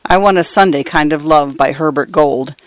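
A woman's voice: sits low, moderate pace, no room sound. Woman reading short stories on radio. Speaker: radio story reader. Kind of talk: scripted narration of short stories.

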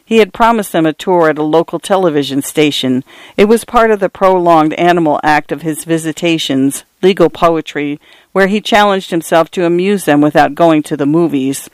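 A man narrating a literary short story in a measured reading voice. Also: on the high side, no room sound. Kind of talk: audiobook narration.

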